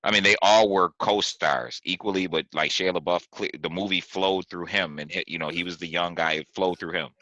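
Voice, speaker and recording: Man, very deep voice, bright and forceful tone, dry close sound, casual storytelling podcast host. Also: brisk, few pauses, dry recording, highs cut off. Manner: animated storytelling, laughs often. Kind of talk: casual chat.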